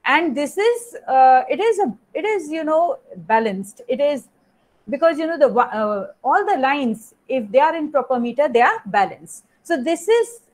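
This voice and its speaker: A woman's voice: high-pitched, very animated, normal speed, darkish tone. A woman teacher with an Indian English accent giving an online lecture, explaining step by step, repeating phrases and often adding "you know" and "okay".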